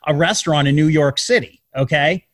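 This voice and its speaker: A man's voice: a little high, brisk, fairly bright tone, no echo. A man in casual talk, speaking animatedly with many rhetorical questions and restarts. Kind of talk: casual political chat.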